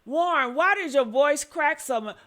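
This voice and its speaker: High bright-voiced woman ranting. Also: expressive, normal speed. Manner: angry, yelling and cursing, then apologetic. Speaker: commentator reacting to an interview. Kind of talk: heated reaction commentary.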